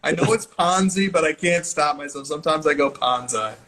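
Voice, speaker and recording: A man with a bright, forceful voice, sitting a little high for a man, co-hosts a casual podcast chat. He jokes around and laughs easily. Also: fairly quick. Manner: joking, laughs often. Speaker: podcast co-host.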